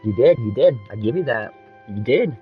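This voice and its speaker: A man's voice: medium pitch, animated, normal speed, phone-quality sound, faint music behind. A man in casual chat, telling long rambling stories full of swearing. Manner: rambling, profane storytelling.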